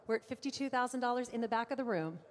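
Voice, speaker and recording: A woman's voice: on the high side, expressive. A woman auctioneer runs a live car sale, rattling off figures and teasing bidders between calls. Her voice rings out in a large room with a long trailing reverb. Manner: brisk bid-calling with playful asides to bidders.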